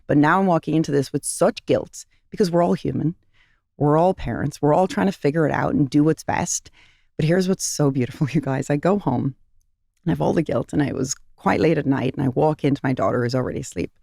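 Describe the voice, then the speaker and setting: A middle-aged woman, a company founder appearing as a podcast guest, shares personal stories in a heartfelt, earnest manner, sometimes repeating phrases for emphasis. Her low voice is gravelly and mellow, a little fast, and recorded at studio quality with no echo.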